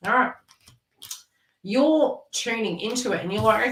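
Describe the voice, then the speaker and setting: A woman's voice: fairly high pitch, measured pace, long pauses, slight background noise. A middle-aged woman giving a psychic reading to a viewer, chatty and blunt with laughter and mild swearing. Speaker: psychic reader. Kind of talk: casual spoken reading to a viewer. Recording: echoey room, far from the mic.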